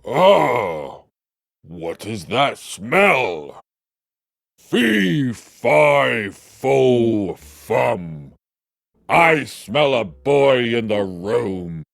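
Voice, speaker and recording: A narrator voicing a huge, fearsome male ogre in a storybook reading for learners, booming and menacing. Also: big pitch swings, very slow, gravelly, dry recording, clean studio sound, heavily acted. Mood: gruff.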